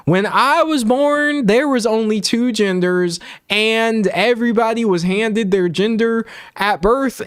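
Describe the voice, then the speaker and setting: A man's voice: a bit bright, clear, resonant tone, dry recording, clean studio sound, heavily acted. A man voicing a bigoted middle-aged Southern conservative man in an exaggerated put-on Southern accent, mocking and drawling. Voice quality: mocking, drawling parody, higher than his own voice.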